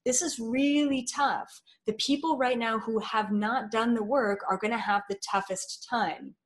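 A woman's voice: on the high side, fairly even intonation, a little slow. A woman guest in an interview, talking in an earnest, flowing way with many fillers. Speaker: spiritual guest. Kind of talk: spiritual interview talk.

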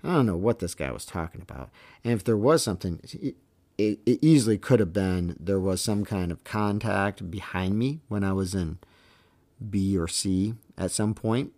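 A man's voice: sits low, moderate pace, mellow. A middle-aged man, a veteran umpire hosting his own show, telling stories in a casual, emphatic way and often adding "okay?" to make his point. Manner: emphatic, keeps checking in with "okay?" and "all right?". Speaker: veteran baseball umpire, podcast host. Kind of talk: casual storytelling monologue.

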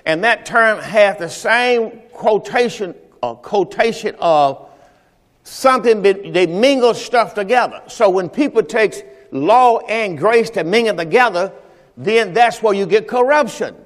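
Speaking in a high, animated voice at a measured pace, a male pastor addresses his congregation during Sunday service, telling stories from his own life. The sermon rings out in a reverberant church hall.

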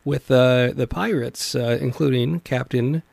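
Man, podcast co-host, gravelly fry, dry close sound, relaxed, thoughtful, hesitant. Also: medium pitch, a little slow, dry recording. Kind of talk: casual chat about a cartoon series.

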